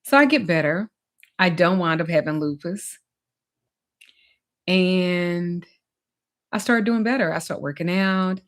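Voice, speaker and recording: A woman's voice: on the low side, animated, a little slow, long pauses. A woman, a spiritual teacher and life coach, telling a personal story in a candid, emphatic, conversational way.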